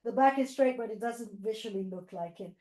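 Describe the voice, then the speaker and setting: A woman's voice: medium pitch, brisk, mellow, reverberant, poor audio. A woman teaching yoga teachers, cueing poses with encouragement and playful animal sounds for children. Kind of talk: instructional yoga demonstration.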